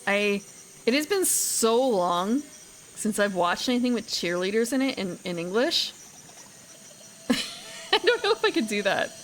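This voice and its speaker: A woman's voice: mid-range voice, big pitch swings, unhurried, long pauses, fairly bright tone, slight background noise. A woman streamer chatting casually while she plays, rambling and correcting herself as she goes. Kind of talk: casual gaming commentary.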